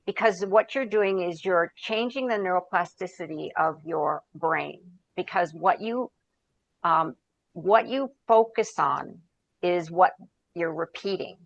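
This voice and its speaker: Low-voiced woman telling coaching stories. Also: a little slow, creaky, muffled recording. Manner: storytelling, searches for words, quotes herself and others. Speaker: podcast guest, founder and coach. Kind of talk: conversational interview.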